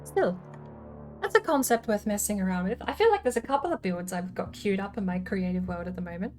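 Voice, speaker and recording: A woman's voice: mid-range voice, animated, a little fast, soft background music. A woman hosting a casual livestream, thinking aloud as she explains her game build ideas. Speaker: streamer host.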